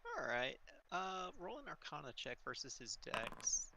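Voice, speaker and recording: A man's voice: fairly high pitch, huge pitch swings, unhurried, gravelly, pushed and bright. A man running a tabletop game as game master, narrating loosely and laughing often.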